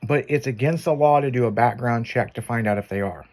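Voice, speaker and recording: A man's voice: medium pitch, fairly quick, a little mellow. A man hosting a chat show, telling crude stories and laughing as he goes. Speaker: show host. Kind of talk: casual profane chat show banter.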